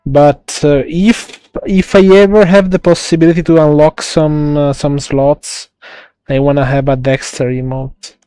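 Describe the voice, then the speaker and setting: A man with an Italian accent chats to his viewers while streaming a game, drifting and restarting his sentences at an unhurried pace. His voice is mellow and smooth, recorded dry and close, with faint game music underneath. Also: a little high, fairly even intonation, dry recording. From Italy. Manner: rambling, halting, lots of restarts and laughs. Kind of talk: live game stream commentary.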